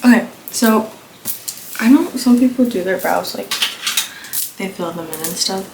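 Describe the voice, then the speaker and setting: A slightly hoarse young woman chatting casually through a makeup tutorial, rambling and full of fillers, recorded on a phone camera at home. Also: mid-range voice, unhurried. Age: young adult. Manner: rambling, filler-heavy, offhand. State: slightly hoarse, coming down with a cold. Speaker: beauty vlogger. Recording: echoey room with clear background noise.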